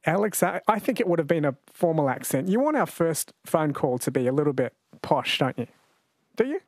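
Aussie radio guy running a quiz, bit high voice, dead dry studio. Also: very animated, a little fast, slightly rough, no room sound. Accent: Australian. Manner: chatty and jokey, laughs often. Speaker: radio host. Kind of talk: casual radio chat and quiz. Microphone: studio mic.

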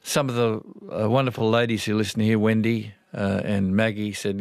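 A man's voice: on the low side, level tone, moderate pace, vocal fry, no room sound. A man with an Australian accent hosting a morning radio show from a small studio, chatting in a rambling, easygoing way. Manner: chatty, rambling, warm-hearted asides. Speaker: radio host. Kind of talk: casual radio chat.

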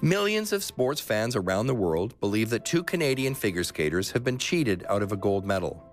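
A lower-voiced man narrates a radio sports documentary with a lively, shifting delivery and puts questions to his guest. His storytelling is measured, with faint music under his voice.

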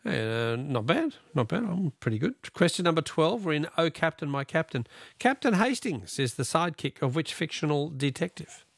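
A man's voice: fairly high pitch, big pitch swings, vocal fry, no room sound, clean studio sound. Jovial man hosting radio quiz. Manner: jovial, bantering, reads messages briskly. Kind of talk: casual radio banter.

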